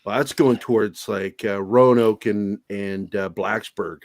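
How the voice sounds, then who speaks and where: An older man from Virginia with no regional accent, a podcast guest telling profane, animated stories in casual chat. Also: on the low side, unhurried, no room sound, clean studio sound. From Virginia, USA. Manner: profane, animated storytelling with put-on voices.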